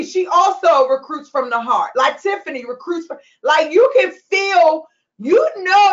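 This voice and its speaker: Passionate high-voiced woman coach. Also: fairly bright tone, dull audio. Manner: passionate, preachy, laughs and tears up. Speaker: recruitment business coach. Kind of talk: emotional motivational call replay.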